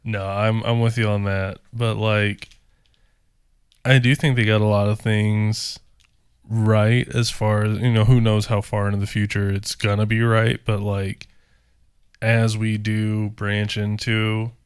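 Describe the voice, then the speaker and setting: Male podcast co-host, low smooth voice, rambling casual chat, dry sound. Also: level tone, measured pace, dry recording. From rural area. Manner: rambling, many fillers.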